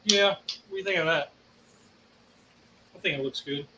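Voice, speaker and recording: A man's voice: on the high side, normal speed, bright, forceful tone. A man hosting a casual cooking show, chatting easily while he eats. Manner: easygoing, chatty, laughs often. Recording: echoey room, mic at a distance, faint noise.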